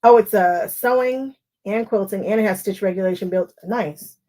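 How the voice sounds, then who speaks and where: With a warm, mid-range voice at a moderate pace, the quilting host keeps up casual live crafting chat over her paper-piecing, straying into tangents and speaking to viewers by name.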